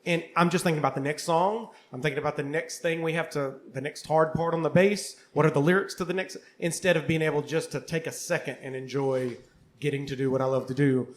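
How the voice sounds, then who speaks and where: Middle-aged man, higher voice, candid, casual, lots of fillers. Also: fairly even intonation, fast. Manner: candid, conversational, uses many fillers. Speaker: co-host, history teacher and bassist. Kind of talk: casual panel chat. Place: coffeehouse before a live audience.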